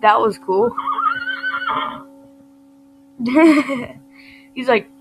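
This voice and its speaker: A woman plays a video game and offers casual, playful commentary, scolding her character along the way. Her medium-pitched voice is expressive and a bit bright, moving slowly with long pauses, captured in a noisy home recording with soft background music.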